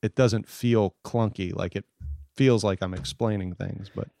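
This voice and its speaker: Man, podcast guest, casual rambling talk, fillers, lowish pitch. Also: fairly even intonation, measured pace, gravelly, dark tone, dry recording. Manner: rambling, full of fillers and restarts. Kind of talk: casual chat.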